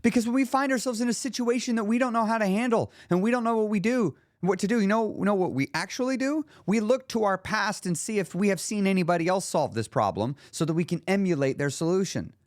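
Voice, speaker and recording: This high-voiced podcast host talks fast and animatedly, barely pausing, in a studio-quality recording without room sound. As a weight-loss coach, he tells casual, motivational stories and swears occasionally.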